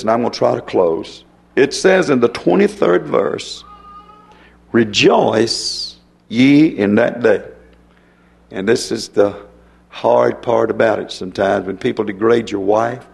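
Gravelly preacher. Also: male voice, lowish voice, darkish tone. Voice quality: gravelly, husky voice. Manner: folksy storytelling preaching with sudden emphatic rises. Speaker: pastor. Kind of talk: sermon.

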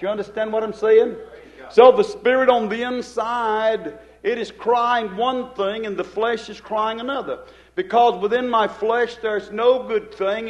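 A man preaching a sermon with fervent delivery, acting out cried prayers and using King James phrasing. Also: sits high. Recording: dull lo-fi recording.

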